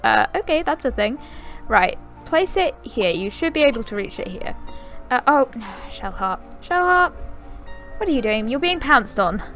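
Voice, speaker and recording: A woman's voice: on the high side, fairly bright tone. A young woman giving casual gameplay commentary. She is chatty, rambles with frequent fillers and restarts, and talks directly to the characters in her game. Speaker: gaming video creator.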